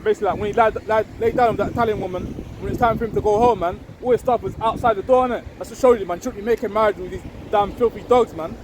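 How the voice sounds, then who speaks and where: A man giving an informal, rambling religious talk. He tags nearly every phrase with "man" or "innit" and reads scripture slowly and loudly. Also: high-pitched. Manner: reads scripture slow and loud. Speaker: street preacher. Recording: windy outdoor recording with wind noise on the mic.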